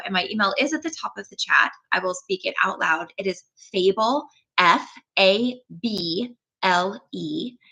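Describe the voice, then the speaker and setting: Gravelly low-voiced woman tapping coach. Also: low-quality recording. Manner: gentle and encouraging, with frequent ums. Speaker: EFT tapping practitioner hosting a live session. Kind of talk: live-stream guided session, greeting chat viewers.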